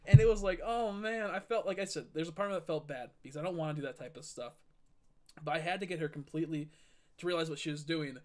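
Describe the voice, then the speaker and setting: A young man on a live game stream, his voice sitting a bit higher than most men's. He tells a story as a heated, profane rant and stumbles through fillers and restarts as he goes. It sounds loose and casual, not scripted at all. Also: quick pace, warm tone.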